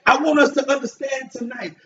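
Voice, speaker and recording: A man preaches with a very high voice that climbs into shouts on key lines and calls for answers back. He sounds distant from the mic. The recording is dull and lo-fi. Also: fairly even intonation, brisk. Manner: call-and-response preaching, shouting emphatic lines. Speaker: pastor. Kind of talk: sermon.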